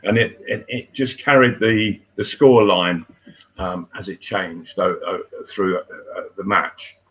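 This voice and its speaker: An older man recalls his playing days in a slow, low voice. He halts often, restarting phrases and filling gaps with ums and uhs. The sound is dull and lo-fi. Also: fairly even intonation. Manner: unhurried, halting with many fillers and restarts. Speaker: former footballer telling stories. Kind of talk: casual storytelling chat.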